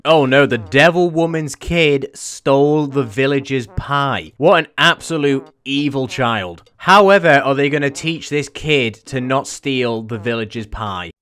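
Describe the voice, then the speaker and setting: A man's voice: mid-range voice, a little slow, hardly any pauses, fairly bright tone, faint music behind. A young man giving sarcastic, mocking reaction commentary as a YouTube host. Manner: sarcastic, mocking, often laughing.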